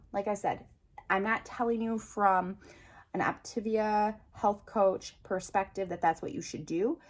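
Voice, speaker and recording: A woman in her thirties speaks straight to her viewers in a personal vlog update. Her voice sits at an ordinary middle pitch, and her delivery is earnest and chatty, with an open, heartfelt tone. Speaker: vlogger.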